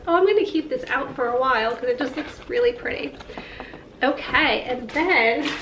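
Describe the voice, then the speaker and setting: Gushing high-voiced woman vlogger. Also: a little hiss or hum. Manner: gushing, excitable, laughs often. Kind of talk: casual vlog, opening gifts. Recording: echoey room with faint ambience.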